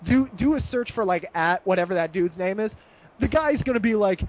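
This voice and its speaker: High-voiced rambling young American man. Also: moderate pace, lo-fi sound. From United States. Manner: rambling, animated, lots of fillers and restarts. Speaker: guest. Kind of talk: casual podcast chat.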